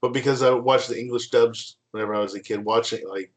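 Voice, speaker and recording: Male podcast co-host, mid-pitched, casual, halting and filler-heavy. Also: steady tone. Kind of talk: casual chat.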